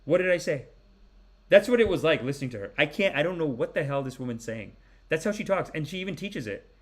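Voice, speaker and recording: Animated comic pundit man in his forties. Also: on the high side, quick pace. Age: 40s. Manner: animated, rambling, mock-preachy. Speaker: podcast host. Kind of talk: comedic commentary.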